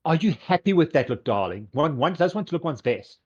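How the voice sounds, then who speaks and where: A man putting on a flamboyant, androgynous boutique owner, pitched way up and fussing theatrically over every customer. Drawn-out, gushing delivery that keeps swooping high, heard on a dull, lo-fi recording. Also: sing-song, darkish tone.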